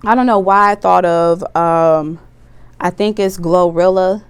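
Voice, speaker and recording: A woman's voice: lowish voice, unhurried, clear, resonant tone. A woman giving a casual tarot reading, chatty and slangy, with laughs and loose asides. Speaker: tarot reader.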